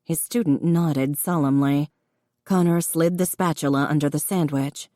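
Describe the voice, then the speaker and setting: A woman reads an audiobook with a deep, low voice. Her delivery is measured and even. The sound is dry and close, with no room around it. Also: dry recording. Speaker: audiobook narrator. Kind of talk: scripted narration.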